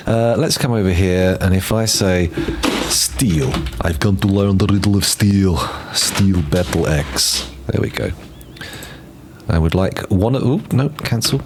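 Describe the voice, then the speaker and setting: A man with a deep, darkish voice streams a game, speaking into a desk microphone with a little hiss or hum on the recording. His casual commentary is rambling and playful, and he jokes and mutters to himself as he plans.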